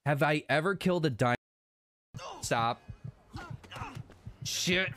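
A man's voice: a little high, drawn-out words, creaky, long pauses, fairly bright tone, soft background music. A man streaming a game live, chatting casually, laughing and swearing as he plays. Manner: laughs a lot, swears, banters with chat.

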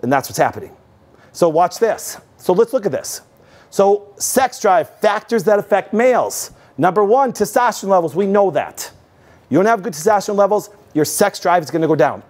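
A middle-aged man lectures an audience about health with a preacher's insistence. His voice sits a little high, and he keeps asking whether his listeners see what he means. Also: a little mellow. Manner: emphatic, preachy, asks the audience rhetorical questions. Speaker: host. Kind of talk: animated health talk to an audience.

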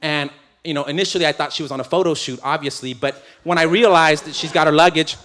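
A man's voice: fairly high pitch, fast. A man speaking as a guest preacher at a live church gathering, telling a personal story with laughs and acted-out quotes. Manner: animated, laughing, acts out quotes. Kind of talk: storytelling sermon.

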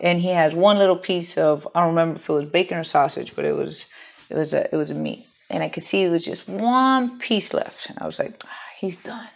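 A woman's voice: on the low side, fairly quick, creaky. A woman telling a personal story in a candid, rambling way, swearing freely and restarting her sentences. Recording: dull lo-fi home recording.

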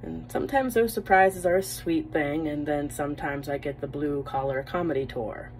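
A woman telling a comic story about her marriage in a wry, deadpan, exasperated way. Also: sits low, normal speed, a little hiss or hum.

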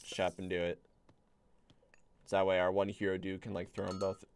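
Low-voiced man rambling through gameplay. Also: monotone, fairly quick, smooth. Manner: rambling, bossing units around, swears casually. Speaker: streamer. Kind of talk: casual gameplay commentary.

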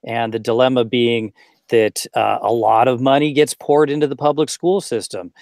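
Male teacher co-host, earnest rhetorical questions, mid pitch, dry sound. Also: fairly even intonation, normal speed, gravelly, darkish tone, no room sound. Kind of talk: podcast interview questions.

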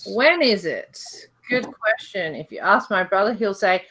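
A woman with an Australian accent hosts a laid-back livestream from her couch at home, chatting, reading viewer questions aloud, and laughing often. Her medium-pitched voice is animated and fairly bright with a breathy edge, and she speaks at a measured pace.

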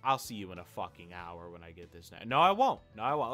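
A man's voice: on the low side, lively intonation, brisk, few pauses, bright, forceful tone, faint music behind. A young man giving frustrated, profane commentary over his gameplay, often repeating and restarting his phrases as he rants. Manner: ranting, frustrated, swears often. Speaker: gaming video creator.

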